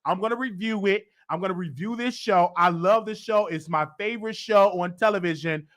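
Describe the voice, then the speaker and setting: A man hosting his own show, casually recapping and reviewing a TV episode in a slangy, animated way with loud bursts. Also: high-pitched, fairly quick.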